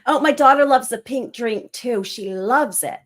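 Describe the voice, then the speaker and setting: A woman's voice: fairly high pitch, unhurried. A middle-aged woman chatting as a guest on a livestream, rambling casually with laughs and fillers.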